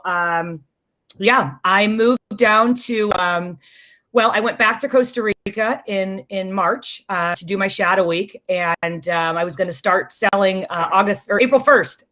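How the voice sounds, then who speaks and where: Woman from near chicago telling a story, jokey and animated, mid-pitch voice. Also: a little slow. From small town outside Chicago. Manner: animated, acts out quoted voices, self-described jokester. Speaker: interview guest. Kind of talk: storytelling in casual chat.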